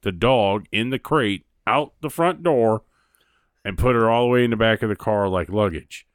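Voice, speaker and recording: A middle-aged man co-hosting a podcast, telling profane, animated stories in casual chat. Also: fairly low pitch, moderate pace, no echo, clean studio sound. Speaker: podcast co-host.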